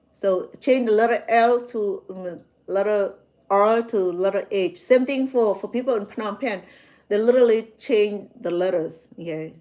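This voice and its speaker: A woman's voice: a little high, mellow. Woman, Cambodian accent, chef host, casual chat, repeats herself, chatty. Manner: chatty, repeats words, checks in with "okay?".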